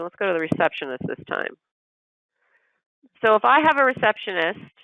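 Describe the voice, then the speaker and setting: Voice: mid-range voice, gravelly, pushed and bright, smooth, dry recording, poor audio. A business systems trainer leading a recorded training session, explaining step by step and acting out short bits of manager dialogue. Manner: explanatory, walks through examples step by step; acts out manager dialogue in quotes.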